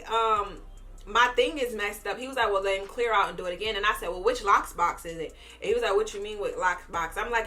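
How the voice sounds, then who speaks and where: A young adult woman vlogger telling a storytime, animated, acting out what people said. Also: mid-range voice. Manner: animated, retelling with quoted dialogue. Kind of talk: storytime vlog.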